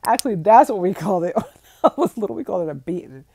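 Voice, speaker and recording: A woman from the United States chats on a phone livestream with a low, mellow voice and a gravelly edge. She is casual and talkative, laughing often as she answers viewers' comments. She sounds like she's in her thirties. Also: sing-song, fast talker. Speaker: vlogger reading live chat.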